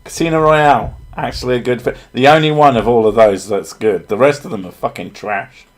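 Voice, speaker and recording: A man's voice: mid-range voice, fairly quick. A man from England, joking and swearing in a casual chat as a streamer. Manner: joking, swears freely, slips into silly voices.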